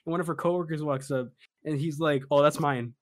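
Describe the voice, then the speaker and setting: A young man hosting a podcast, telling a story in casual chat that turns into animated, laughing disbelief. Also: on the high side, brisk. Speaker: podcast host.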